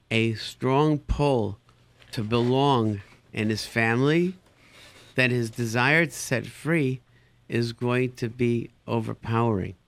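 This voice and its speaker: Brief: male therapist hosting an advice talk, animated, mid-pitched, dry close sound. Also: dry recording. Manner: animated, acts out incredulous reactions with sudden jumps in pitch; sprinkles Yiddish words into his talk. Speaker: therapist giving parenting advice. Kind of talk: advice talk answering listener questions.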